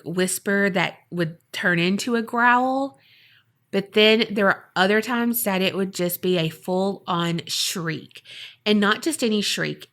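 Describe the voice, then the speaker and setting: A woman podcast host tells a spooky story in a relaxed, conversational way. She builds suspense with dramatic pauses and loose, chatty asides. Her voice sits at a middling pitch. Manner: chatty, dramatic, filler-heavy. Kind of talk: casual storytelling.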